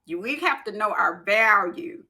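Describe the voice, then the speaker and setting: A woman's voice: mid-range voice, animated, measured pace, pushed and bright. A woman co-hosting a podcast, telling stories in emphatic casual chat. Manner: emphatic, storytelling. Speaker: podcast co-host.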